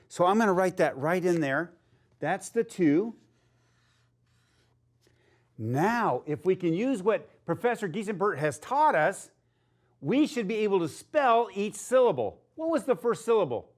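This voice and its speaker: A man's voice: sits high, big pitch swings. A man teaching a phonics lesson to young children, sounding out letters and cheering them on. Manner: slow, sounding out letters, upbeat and encouraging.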